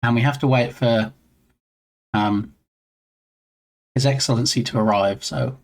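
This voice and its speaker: A man's voice: medium pitch, steady tone, unhurried, gravelly. A man streaming live while he works on his game, chatting casually and answering viewers in a self-deprecating way.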